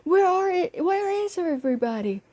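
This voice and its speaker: A woman's voice: extremely high pitch, big pitch swings, moderate pace, dark tone, voice pushed up. A woman putting on a querulous crotchety old man. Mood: angry. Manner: pleading, querulous. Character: desperate crotchety old man in a retirement home.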